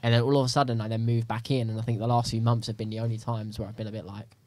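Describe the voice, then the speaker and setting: A young man, a podcast guest, talking in a rambling, animated way in casual chat. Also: on the low side. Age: young adult. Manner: fast, rambling, animated storytelling.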